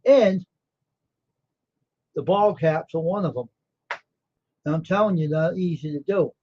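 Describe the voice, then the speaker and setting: A man's voice: on the high side, measured pace, dull audio. A tired man hosting a casual livestream, rambling about his screen printing work and talking to viewers by name in a self-assured way. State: tired and yawning.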